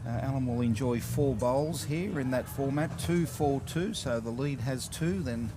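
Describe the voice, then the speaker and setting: A man commentates a lawn bowls match in a relaxed, chatty way, filling pauses with "uh" and "um". His voice sits at an ordinary middle pitch. The outdoor mic picks up clear background noise around him. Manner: relaxed, chatty, many "uh" fillers. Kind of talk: live sports commentary.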